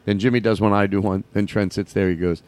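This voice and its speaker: A man's voice: on the low side, flat delivery, fast, a little mellow, no room sound. A man, a comedian, chatting casually on a podcast, telling stories animatedly with lots of fillers and restarts.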